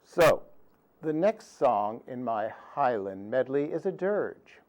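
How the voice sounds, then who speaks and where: A man tells history as a comic lecture, taking his time over every sentence. His wit is dry and pedantic, and he lands each joke deadpan. His voice sits at an ordinary middle pitch. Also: slow pace, low-quality recording. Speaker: performer of a musical history talk. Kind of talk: humorous history lecture with songs.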